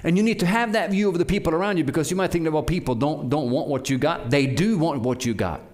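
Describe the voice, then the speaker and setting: A man from Norway preaching a sermon, urging his listeners with animated delivery and frequent restarts. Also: on the high side, quick pace.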